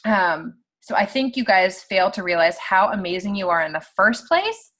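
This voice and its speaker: A woman in her thirties giving a casual, animated pep talk to her team on a video call. She talks quickly and fills her speech with "like.". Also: mid-range voice. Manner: chatty and animated, heavy use of "like". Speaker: team leader on a sales call.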